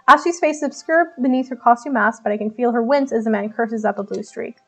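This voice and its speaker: A woman streams herself reading a visual novel aloud, narrating playfully and giggling at her own stumbles. Her voice sits high. Faint music plays behind her. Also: fast, hardly any pauses, a bit bright. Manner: giggly, playful, self-mocking.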